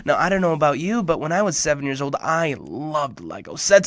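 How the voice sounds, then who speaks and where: A young man telling a personal story to children, animated and speaking directly to the listeners. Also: normal speed, few pauses, dry recording, clean studio sound. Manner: animated, addresses kids directly, jumps in pitch and loudness for emphasis.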